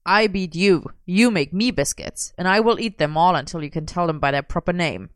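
A woman's voice: on the low side, fairly quick, smooth, no echo, studio quality, lightly acted. A woman doing a smug, bossy young man. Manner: bossy, commanding.

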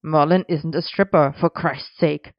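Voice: mid-range voice, steady tone, a little slow, no echo, dull audio, close to an everyday voice. A reader doing an earnest, protective young man.

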